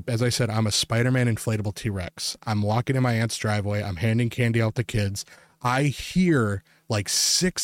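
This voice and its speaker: A man's voice: medium pitch, no echo. A young man hosting a podcast, telling a long story in casual, rambling chat full of filler words. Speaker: podcast host.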